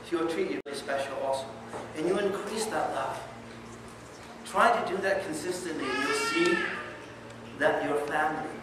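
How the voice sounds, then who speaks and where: A man giving a conversational religious talk, often asking his listeners questions. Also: fairly high pitch. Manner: conversational, animated, asks the audience questions. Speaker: Islamic lecturer. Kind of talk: sermon. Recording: echoey hall from far off, noisy.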